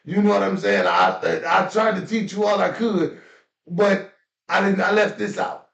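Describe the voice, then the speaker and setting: A man on a podcast chimes in with quick words of agreement. His high voice is set back from the mic in a roomy echo. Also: very animated, creaky, a bit bright, distant mic, muffled recording. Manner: backs the speaker with short replies. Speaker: podcast co-host. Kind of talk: casual chat.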